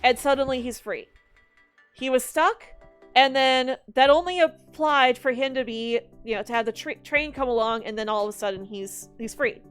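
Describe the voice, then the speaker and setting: A woman giving casual movie commentary in an animated, exasperated, rambling way. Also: high voice, normal speed, clear, resonant tone, faint music behind. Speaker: video commentator.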